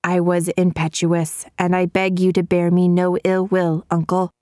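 A woman's voice: flat delivery, measured pace, mellow, dry recording, clean studio sound, close to an everyday voice. Woman reading a soothing, scheming nephew. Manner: low and soothing. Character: smooth, scheming male nephew.

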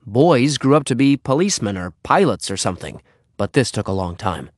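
A man reading a children's storybook aloud as narrator, in an expressive, animated way. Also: mid-range voice, fairly quick, no room sound, studio quality.

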